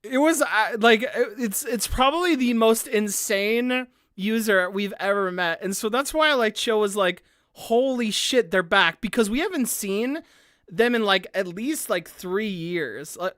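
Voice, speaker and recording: A woman talking casually to her live-stream audience. She rambles, leans on "like" again and again, and breaks into laughter often. Her voice sits at an ordinary pitch and is recorded dry on a close mic. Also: lively intonation, unhurried, fairly bright tone, no room sound. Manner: rambling, heavy use of "like" fillers, frequent laughter.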